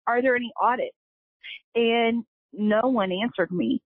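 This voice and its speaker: A woman's voice: on the high side, unhurried, no echo. A woman, a company founder, telling her story as a guest in an earnest, emotional way. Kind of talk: casual storytelling interview. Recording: tinny phone line, dry.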